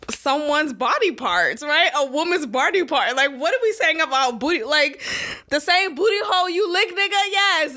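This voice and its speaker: A woman host talks through her take in a loose, candid commentary style and laughs easily. Her voice sits a bit high and comes across very bright and clear. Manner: blunt, frank and laughing. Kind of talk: casual opinion commentary.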